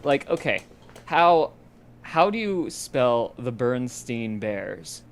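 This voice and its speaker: A man's voice: mid-range voice, sing-song, slow pace, clean tone. Chatty man on a podcast. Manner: rambling, uses many fillers. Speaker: podcast co-host. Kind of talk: casual chat.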